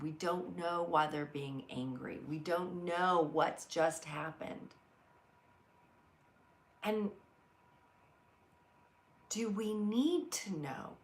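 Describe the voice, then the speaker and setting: Middle-aged woman, live inspirational host, low and gravelly, earnest storyteller. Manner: earnest, storytelling, reads viewer comments aloud. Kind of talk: heartfelt live motivational talk.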